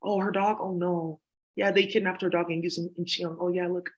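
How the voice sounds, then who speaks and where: A man's voice: high-pitched, level tone, a little fast, rough recording. A man talking to his viewers in a rambling, profane, scattered and conspiratorial way. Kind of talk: rambling casual monologue.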